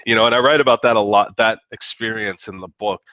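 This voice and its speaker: A man, a guest author from the United States, telling a story in a podcast interview with lively, profane, acted-out quotes. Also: on the low side, quick pace, no echo, muffled recording.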